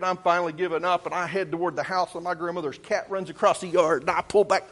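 A man's voice: high-pitched, fairly even intonation, fast talker, few pauses, fairly bright tone. A man, preaching and telling a childhood story in a folksy way, often correcting himself mid-sentence. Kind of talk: sermon storytelling.

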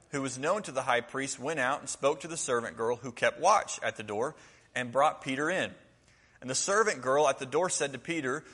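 Guy preaching casually, bright tone, echoey big room. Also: mid-range voice. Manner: conversational, acts out quotes. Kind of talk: sermon.

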